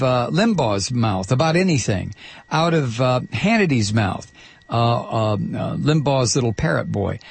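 A male radio host in a sarcastic, ranting political monologue. His voice is gravelly with a husky edge, at a middle pitch. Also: no room sound.

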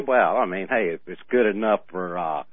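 A man co-hosting a radio show in casual chat, telling rambling stories with halting restarts and frequent laughs. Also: deep voice, dry recording. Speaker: radio co-host. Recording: tinny phone-like radio audio.

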